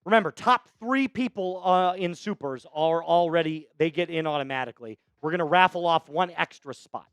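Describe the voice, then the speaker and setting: Gravelly high-voiced hype streamer man. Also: moderate pace, few pauses, no room sound. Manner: hyped, shouting out chat donors. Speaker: livestream host. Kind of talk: live sports play-by-play stream.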